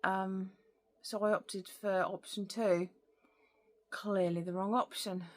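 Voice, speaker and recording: A woman's voice: mid-range voice, a bit bright. A woman hosting a crafting podcast, talking casually and rambling with many fillers. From lives in France. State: out of breath. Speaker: podcast host. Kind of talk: casual chat.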